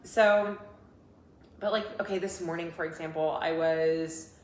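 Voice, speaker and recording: A woman's voice: on the low side, a little slow, a little hiss or hum. A woman in her twenties, a coach and podcast guest, telling stories in casual chat with lots of laughter and fillers. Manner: animated storytelling, laughing often, many fillers. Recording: echoey room, faint ambience.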